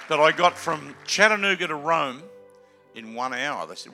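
An older Australian man preaching in a gravelly, very bright and piercing voice. He rambles and jokes, then shouts out calls to the crowd and drops to low asides, over faint music. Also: expressive, moderate pace. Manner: jokey, rambling preacher who swings from loud exclamations to low asides. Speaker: guest preacher. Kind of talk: sermon.

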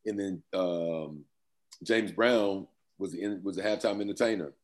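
A man with a very low voice talks through his old playing days, loose and rambling, breaking into laughs. He is in his fifties and speaks as a guest in a casual interview. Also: a little slow, a little mellow. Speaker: former pro football player, guest.

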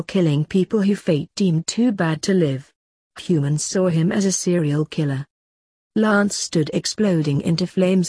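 A woman reading a short story aloud in plain, even narration. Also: lowish voice, slightly rough, no echo, clean studio sound.

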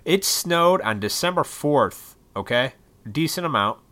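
A man in his thirties from Illinois, ranting casually and profanely on his own podcast, rambling and bursting into loud, excited outbursts. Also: a little high, measured pace. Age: 30s. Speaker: podcast host. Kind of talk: casual solo podcast rant.

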